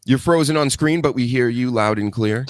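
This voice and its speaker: A man's voice: mid-range voice, moderate pace, no room sound. Joking, swearing male show host, dry sound. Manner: loose, joking, swears casually. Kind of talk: casual live show chat.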